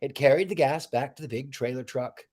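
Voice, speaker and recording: A man hosting a livestream with a warm, theatrical, exclamatory manner, chatting and reading a storybook aloud. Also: medium pitch, brisk. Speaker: livestream host.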